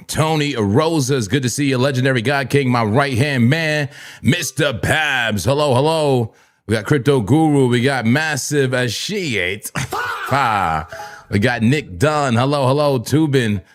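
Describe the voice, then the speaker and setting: A man from New Jersey with a Jersey accent, hosting a live trading stream, hyped and repetitive, giving shout-outs and laughing often. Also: medium pitch. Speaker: crypto trading livestream host. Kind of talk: live-stream chat and market talk.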